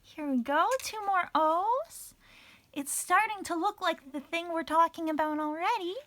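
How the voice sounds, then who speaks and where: A woman's voice: extremely high pitch, measured pace, a bit bright. A woman librarian hosting a children's story time, speaking in a cheerful, playful way straight to young kids.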